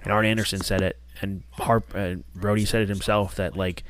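A man co-hosting a casual podcast chat, talking in an animated, rambling way with many restarts. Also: lowish voice, brisk. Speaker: podcast co-host.

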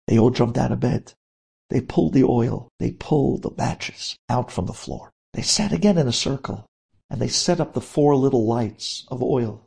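A man, a rabbi, telling a dramatic story, swinging between hushed moments and emphatic ones. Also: medium pitch, vocal fry, slightly rough.

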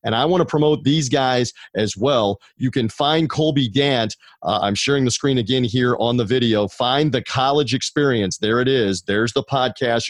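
A man's voice: medium pitch, no echo. Guy hosting a sports betting show over a video call, hyping his guests, dry close sound. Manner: upbeat promo-heavy plugging. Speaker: podcast host. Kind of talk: sports betting podcast talk.

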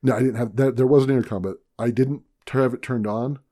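A man's voice: medium pitch, fairly even intonation, quick pace, dark tone. A man with a Southern US accent telling a long story in casual podcast chat, rambling and self-mocking. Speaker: podcast co-host.

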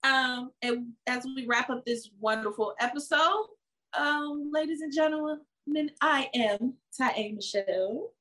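A woman co-hosting a wine podcast in casual chat, talking loosely with frequent laughs and a drawn-out sign-off. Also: high-pitched, bright, forceful tone, poor audio. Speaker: podcast co-host.

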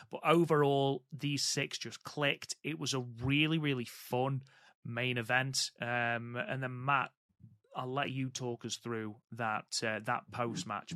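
Bright-sounding guy co-hosting a podcast, keen but measured, lots of ums, dry close mic. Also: medium pitch, no echo. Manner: enthusiastic, measured commentary with frequent ums. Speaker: podcast co-host. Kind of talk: casual podcast chat.

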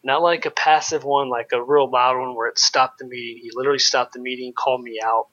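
A former pro baseball pitcher telling loose, candid stories in an interview, full of "like" and "you know". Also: male voice, little pitch movement, a little fast, a bit bright, dull audio. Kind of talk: casual storytelling in an interview.

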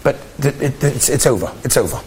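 A man voicing a stern children's doctor who speaks gravely. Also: medium pitch, animated, a little fast, a little mellow, a little hiss or hum, voice pushed down, lightly acted.

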